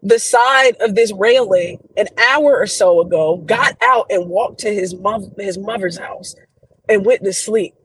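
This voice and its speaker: A young adult woman, a podcast guest, telling a story in an animated, profane, slangy way. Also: medium pitch, measured pace, husky, rough recording. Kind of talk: casual storytelling chat.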